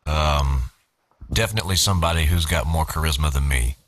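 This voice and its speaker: A man's voice: extremely low pitch, brisk, a bit bright. A man hosting a casual group video chat, talking hesitantly with many fillers and restarts. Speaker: host planning a show.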